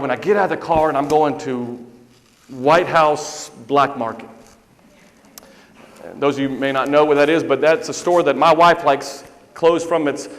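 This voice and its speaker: A middle-aged priest giving a sermon, telling a story in a conversational way and repeating lines for emphasis. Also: male voice, fairly high pitch. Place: church sanctuary. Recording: reverberant church hall.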